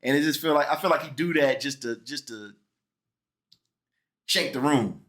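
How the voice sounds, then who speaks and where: A man hosting a casual podcast chat, talking in an animated way, often restarting and repeating his words. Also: medium pitch, moderate pace. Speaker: podcast host.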